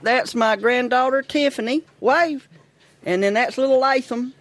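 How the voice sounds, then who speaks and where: A woman, chatting plainly and warmly at home in an interview. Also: sits high, measured pace. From West Virginia. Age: 50s. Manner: homely, folksy, plain-spoken. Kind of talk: casual chat at home.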